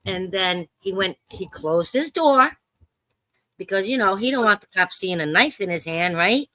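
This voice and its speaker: Woman, bright and sharp-toned, dry close sound. Urgent, halting storytelling on a casual live panel. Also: medium pitch, animated, no echo, poor audio. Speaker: panel caller.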